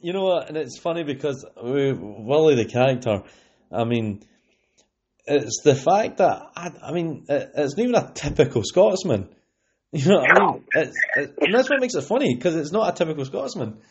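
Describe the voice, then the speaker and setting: At normal speed and very animated, a young Scottish host with a husky, higher-leaning voice chats casually on his podcast. The lo-fi recording catches him rambling, with plenty of "you know what I mean" fillers.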